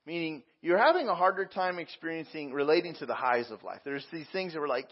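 A man's voice: fairly high pitch, animated, fast, hardly any pauses, husky, lo-fi sound. A man preaching a sermon as a pastor, talking conversationally with frequent repeats and fillers.

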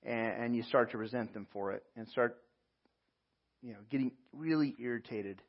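A man preaching a sermon, telling a personal story with animated asides and self-mocking laughs. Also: mid-range voice, moderate pace, highs cut off. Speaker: pastor.

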